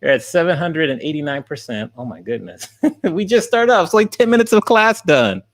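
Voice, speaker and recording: A man's voice: on the high side, expressive, fairly quick. A man streaming live, laughing often and thanking viewers by name as he gets through the questions. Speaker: streamer and college teacher.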